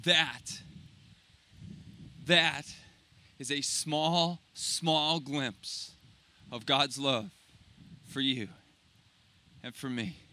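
A man preaching a sermon, impassioned at times and dropping to soft, slow, intimate tones on key phrases. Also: mid-range voice, steady tone, a little hiss or hum. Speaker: pastor.

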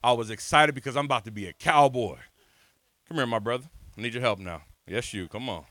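A man in his thirties preaching an energetic sermon, telling his own story, calling on the crowd and swinging from soft to shouted lines. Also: mid-range voice, a little fast, no echo. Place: church hall before a congregation.

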